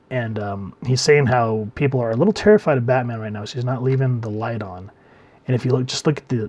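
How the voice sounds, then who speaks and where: A man giving a casual comic book review, talking in a relaxed way and letting his phrase ends trail off quietly. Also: on the low side.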